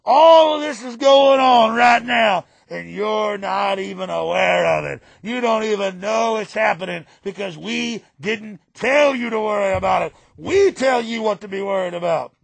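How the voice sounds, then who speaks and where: A man doing a satirical impression of a sneering, domineering male president, shouting and ranting in a gravelly voice. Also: high-pitched, a little slow, hardly any pauses, no echo, exaggerated voice. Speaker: radio talk host. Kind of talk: satirical impression on talk radio.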